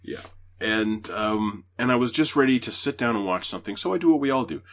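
Man, low voice, podcast host, casual movie chat, swears a lot. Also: a little fast. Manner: profane, animated retelling.

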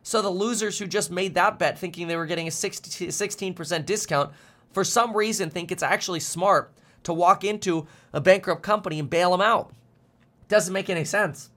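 A man's voice: high-pitched, moderate pace, fairly bright tone. A man streaming finance commentary, ranting bluntly and fired up, often stumbling over repeated words.

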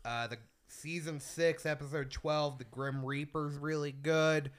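A man hosting a casual podcast chat, an animated storyteller who swears freely. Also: a little high, unhurried, clear, resonant tone. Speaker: podcast host.

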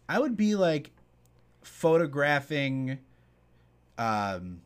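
A man's voice: medium pitch, very animated, measured pace, long pauses. A man co-hosting a podcast, talking about his photography work in a laid-back, joking way. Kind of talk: casual chat.

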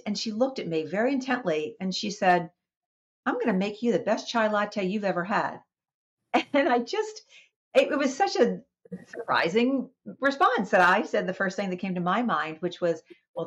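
A woman, a wellness coach, telling a personal story in a podcast interview with lively expression and small restarts. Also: lowish voice, lo-fi sound.

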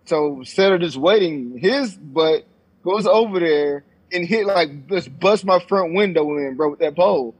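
A young man in casual chat, telling a story in an animated way, acting out quotes and swearing freely, on a dull lo-fi recording. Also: fairly high pitch, measured pace, husky. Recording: dull lo-fi sound.

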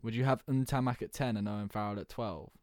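A young man in lively, argumentative podcast banter, his voice a touch low and heard close and dry. He rattles through lists of names and pushes his points with quick energy. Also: no echo. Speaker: podcast co-host. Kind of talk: casual sports banter.

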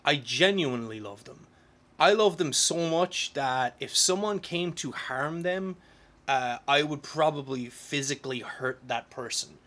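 A man's voice: a little high, expressive, measured pace, fairly bright tone. A man in his thirties talking straight to camera in a casual, rambling monologue, swearing often and restarting his sentences. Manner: profane, rambling, frequent restarts and filler words. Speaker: vlogger.

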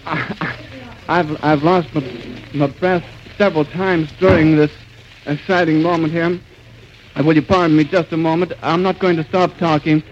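A man giving live eyewitness radio commentary outdoors at an airfield, urgent and halting, with many restarts. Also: a little high. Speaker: radio reporter. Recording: dull 1930s radio recording with faint hiss.

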